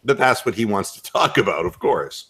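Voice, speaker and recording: A man's voice: fairly low pitch, normal speed, slightly rough. A male radio host in comic chat, telling stories and laughing often. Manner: animated storyteller, laughs often.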